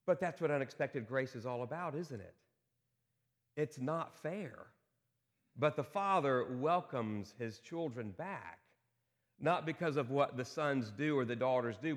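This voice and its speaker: Man preaching a sermon in a reverberant hall. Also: fairly high pitch. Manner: asks the congregation rhetorical questions. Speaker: pastor. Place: church sanctuary.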